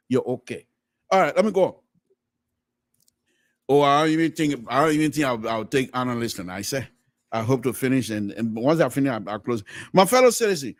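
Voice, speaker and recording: A middle-aged radio host with a Liberian English accent, animated and emphatic as he comments and reads aloud on air. His voice sits high and swings widely in pitch. The sound is close and dry. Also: no echo. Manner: animated, emphatic, quick to laugh. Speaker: radio talk show host.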